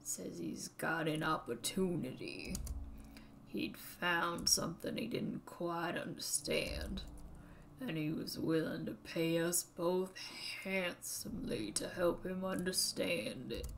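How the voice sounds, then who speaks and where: Old Southern man, gruff ex-pharmacist turned villain, deep and slow — voiced by a woman. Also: slight background noise. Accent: put-on Southern. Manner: weary, brooding storytelling. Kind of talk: live-streamed game read-aloud.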